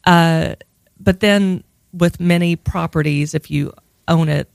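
A woman's voice: sits low, steady tone, takes it slowly, creaky, darkish tone, no room sound. A woman with a Southern US accent telling a wistful personal story in a reflective, drawling way.

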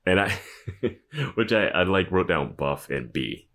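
A man's voice: low voice, very animated, measured pace, fairly bright tone. A man co-hosting a podcast who chimes in with jokey comments during a casual chat. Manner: jokey, chiming in with comments and laughs. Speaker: podcast co-host.

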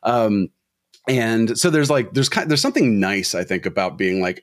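Film podcast co-host, man, low-set voice, wry and analytical, casual ramble. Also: expressive, moderate pace, no room sound, clean studio sound. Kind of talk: casual discussion.

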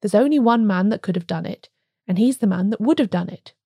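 A woman's voice: mid-range voice, animated, brisk, warm tone, breathy edge, no room sound, studio quality. A woman reading as an obstinate muttering cobbler. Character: stubborn atheist male village cobbler.

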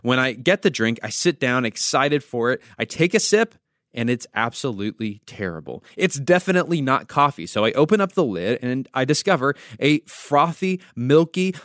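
A man's voice: mid-range voice, a bit bright, no room sound, studio quality. A man hosting a devotional podcast, teaching with storytelling and wry asides. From United States. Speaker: podcast host.

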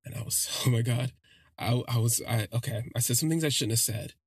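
A man hosting a podcast, telling a personal story in a casual monologue and acting out the people in it with big jumps in pitch. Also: brisk, breathy edge, dry recording, studio quality. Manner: animated, acts out quoted voices with big pitch jumps. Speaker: podcast host.

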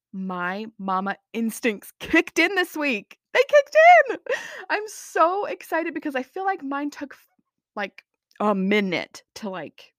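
A woman's voice: mid-range voice, a bit bright, no echo, studio quality. Chatty young woman rambling on a podcast. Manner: rambling, chatty, self-mocking. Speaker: podcast host. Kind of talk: casual chat.

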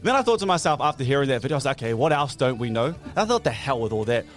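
A man's voice: mid-range voice, sing-song, very fast, soft background music. A New man co-hosting a morning radio show, bantering playfully and hyping up listeners. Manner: playful, rhyming hype delivery.

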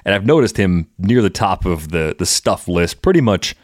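Male podcast host, very deep voice, relaxed chat, dry close mic. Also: normal speed, no room sound. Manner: relaxed, conversational, reads listener questions.

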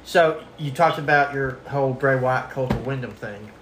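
A man co-hosting a casual podcast, laid-back as he pitches ideas and chimes in with short agreement. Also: moderate pace, reverberant, noisy background. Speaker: podcast co-host.

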